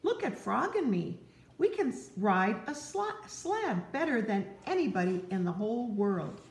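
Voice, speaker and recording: A woman voicing a grumpy, timid male toad in a children's storybook, loud, stubborn and complaining. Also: fairly high pitch, very animated, a little slow. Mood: panicked. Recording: roomy echo.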